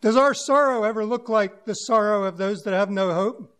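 A man's voice: high-pitched, moderate pace, a bit bright, clear, resonant tone. A man preaching a sermon to his congregation, musing aloud in a plain-spoken way and using homely examples.

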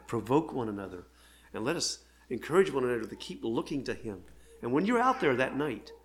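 Earnest older man preaching a sermon. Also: mid-range voice. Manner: earnest, heartfelt preaching with pauses. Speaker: pastor.

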